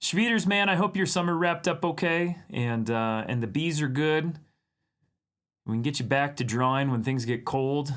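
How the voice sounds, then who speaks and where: Excitable man hosting an art stream. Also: on the high side, moderate pace. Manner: excitable, laughs often, jokey. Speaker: livestream art show host. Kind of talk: casual chat reviewing viewer drawings.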